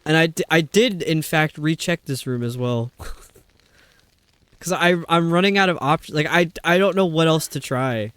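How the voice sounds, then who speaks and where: A man's voice: a little high, normal speed, a bit bright, smooth, no echo. A young man giving live commentary while playing a video game, rambling, stumbling over his words and laughing often. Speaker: streamer.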